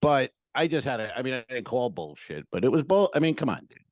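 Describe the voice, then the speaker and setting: A man, a comedian and podcast co-host, telling stories in animated, casual banter and swearing freely. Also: mid-range voice, fast talker, no room sound.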